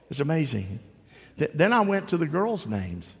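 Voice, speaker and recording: A man's slightly high, creaky, husky voice, very animated and at normal speed, fills a large hall with long reverb during a sermon. He tells a folksy story with jokey asides and asks the crowd questions.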